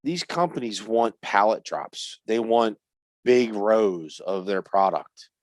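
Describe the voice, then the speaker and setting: A man's voice: lowish voice, animated, slow, no room sound. A man in a casual podcast chat, explaining store sales in a blunt, matter-of-fact way.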